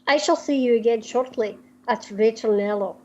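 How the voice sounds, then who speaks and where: A woman's voice: on the high side, moderate pace, dull audio, a little hiss or hum, close to an everyday voice. A woman voicing a secretive female spy with a put-on Scottish accent, speaking formally and conspiratorially.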